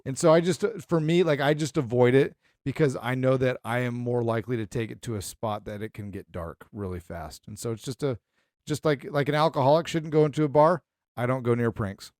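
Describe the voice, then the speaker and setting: A man's voice: mid-range voice, a little fast, a little mellow, dry recording, clean studio sound. A man co-hosting a podcast in casual chat, laying out firm opinions emphatically. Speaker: podcast co-host.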